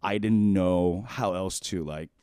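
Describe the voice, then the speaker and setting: A man of about forty co-hosts a podcast, rambling casually through a personal story packed with "like." His low, smooth voice keeps a measured pace, starting animated and then turning quiet and shaken.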